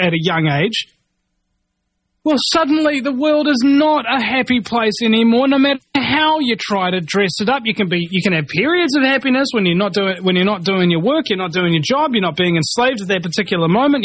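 A man's voice: high voice, a bit bright, no echo. A man in an agitated, rambling rant, often repeating himself and restarting. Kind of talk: ranting monologue.

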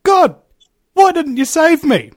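A man voicing a stubborn man stranded on a roof in a joke, with a high, strained pleading voice. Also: animated, normal speed, fairly bright tone, no echo, clean studio sound.

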